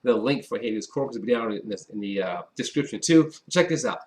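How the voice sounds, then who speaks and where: A man's voice: mid-range voice, lively intonation, fast talker, darkish tone. A man hosting a casual on-camera wine tasting, talking to viewers directly in a chatty, upbeat way. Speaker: wine reviewer.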